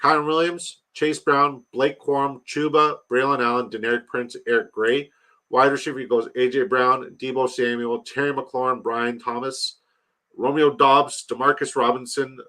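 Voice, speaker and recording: A man's voice: mid-range voice, pushed and bright. A man live-streaming fantasy football, grading viewers' drafts in a loose, joking, sometimes profane way while rattling off lists of player names.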